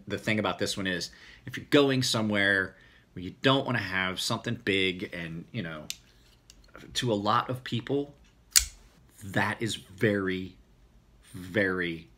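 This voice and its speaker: A man's voice: sits low, noisy background. A middle-aged man with a rural American country accent, rambling casually through viewer questions. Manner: rambling, relaxed, self-correcting. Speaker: knife maker answering viewer questions. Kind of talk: casual Q&A video.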